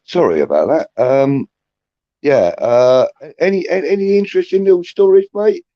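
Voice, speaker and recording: Casually chatting as a podcast co-host, a man with a voice on the high side spins cheeky anecdotes at normal speed, frequently adding "you know what I mean." There's no echo, but the audio is dull and lo-fi.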